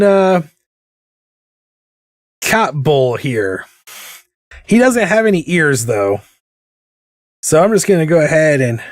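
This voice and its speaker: Guy drawing cartoons and chatting, kinda high voice, takes his time, goes off on tangents. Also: dry recording, studio quality. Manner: rambling, tangent-prone, self-mocking. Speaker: artist streaming a drawing session. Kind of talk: casual chat while drawing.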